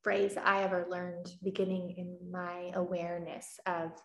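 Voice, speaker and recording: A woman's voice: on the low side, little pitch movement, a little slow. Woman from the Midwest, coach, candid storyteller, casual talk, roomy sound. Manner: candid, storytelling with acted quotes. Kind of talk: casual conversation.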